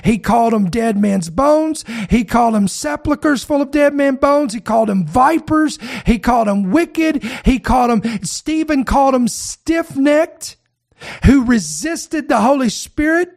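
High-voiced fervent male preacher. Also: lively intonation, measured pace, gravelly. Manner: fervent, emphatic preaching with rhetorical calls to the congregation; repetitive, building lists. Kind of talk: sermon.

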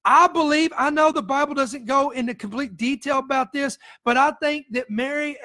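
High-voiced, fervent woman preacher. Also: normal speed, bright, forceful tone. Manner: emotional, fervent, repetitive "come on" exhortations. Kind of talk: sermon.

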